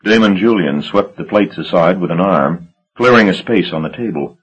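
A man reading a gothic novel aloud as an audiobook narrator, in a measured, dramatic storytelling manner. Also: sits low, dull audio. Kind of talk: scripted narration.

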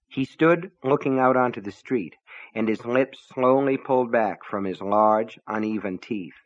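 A man reading a novel aloud as narrator, in measured storytelling. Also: medium pitch, lo-fi sound. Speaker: audiobook narrator. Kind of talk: scripted narration.

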